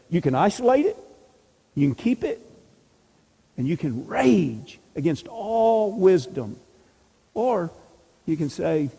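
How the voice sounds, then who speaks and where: Church class teacher, male, mellow slightly high voice, emphatic rhetorical delivery, long hall reverb. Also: big pitch swings, a little slow, gravelly, pauses often, husky. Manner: emphatic, asks rhetorical questions. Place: church meeting room.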